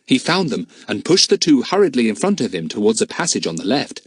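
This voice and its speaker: A man narrates a children's adventure book in a clear, expressive way. His pitch rises and falls a lot as he tells the story. The sound is dry and close. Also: fairly quick, no echo. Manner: lively, expressive reading. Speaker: audiobook narrator.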